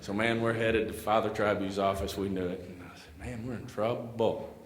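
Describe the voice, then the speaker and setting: A man's voice: fairly low pitch, level tone, normal speed. A man telling a folksy school story at a tribute event, full of fillers and asides. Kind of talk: storytelling speech. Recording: echoey hall with light noise.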